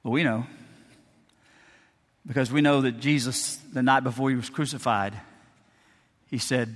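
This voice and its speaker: A man preaching a sermon with animated storytelling, moving between a mock commercial voice and quiet, earnest prayer. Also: mid-range voice, measured pace, pauses often, in a large hall.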